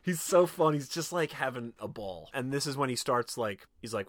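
A man's voice: medium pitch, lively intonation, a little fast, hardly any pauses, fairly bright tone, no echo. A man hosting a podcast, casually retelling a film's scenes and acting out the characters' lines, with frequent swearing. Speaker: podcast host. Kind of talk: casual film recap chat.

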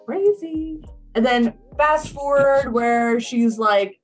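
A woman's voice: high-pitched, slow, faint music behind. A young woman casually recapping a movie, blunt and chatty, swearing freely and saying "like" often.

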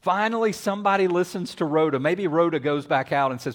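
A man preaching a sermon, telling a Bible story with lively acted-out voices. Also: on the high side, fairly quick. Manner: animated storytelling with acted-out voices and whisper-yelling. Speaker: pastor.

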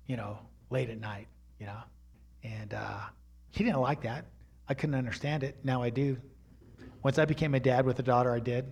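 An older man in his sixties preaches, his voice sitting a little high for a man. He tells stories in an animated way and often climbs into loud, excited bursts before dropping back down. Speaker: pastor. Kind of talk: sermon storytelling.

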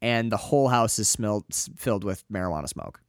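A man's voice: lowish voice, lively intonation, fast talker, smooth, dry recording, studio quality. A man hosting a casual film podcast, wry and sarcastic, swearing casually as he picks apart scenes. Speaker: podcast host.

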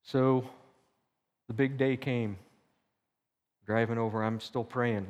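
A man's voice: medium pitch, unhurried. Older man telling a story in an echoey hall. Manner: conversational storytelling, acting out his own thoughts. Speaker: church teacher. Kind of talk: personal story in a sermon. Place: church hall.

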